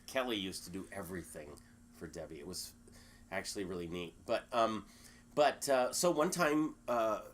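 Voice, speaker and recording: A man being interviewed, telling a story in a lively, animated way and acting out the quotes. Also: fairly low pitch, moderate pace. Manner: animated storyteller, acts out quotes, many restarts. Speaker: guest.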